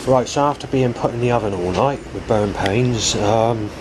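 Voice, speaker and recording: Outdoors, with noise behind him, a man in his forties talks to camera at a moderate pace and medium pitch. This vlogger's monologue rambles and repeats, full of restarts as he keeps going back over what he said.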